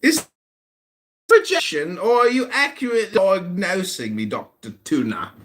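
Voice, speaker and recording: An American man in his forties hosting a livestream, trading mocking, shouted insults in a heated argument. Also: high voice, sing-song, normal speed, a little hiss or hum. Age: 40s. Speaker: livestream host.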